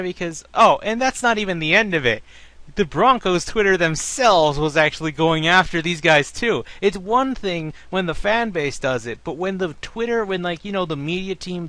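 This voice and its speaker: This man's voice is high-pitched and recorded with no echo. Hosting a laid-back sports talk podcast, he goes on an animated, profanity-filled rant about fans.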